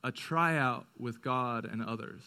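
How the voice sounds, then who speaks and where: A male pastor preaching a sermon, moving from quick, urgent stretches to hushed, slow ones. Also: mid-range voice, clean tone.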